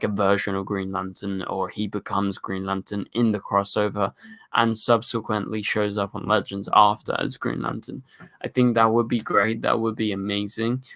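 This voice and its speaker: A young man hosts a casual livestream. His voice sits low and has a gravelly, creaky edge. He rambles through viewer questions with frequent fillers. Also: sharp tone. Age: young adult. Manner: rambling, reads chat questions aloud, many fillers. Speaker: livestream host.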